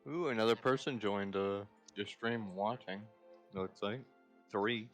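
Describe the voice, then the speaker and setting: A man's voice: lowish voice, measured pace, soft background music. A man chatting casually with a friend over voice chat, asking questions and laughing often.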